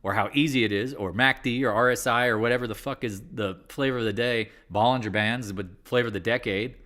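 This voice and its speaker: A man's voice: mid-range voice, steady tone, a little fast, sharp tone. A man hosting a live market chat, talking candidly and rambling, with casual swearing. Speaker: livestream trading host.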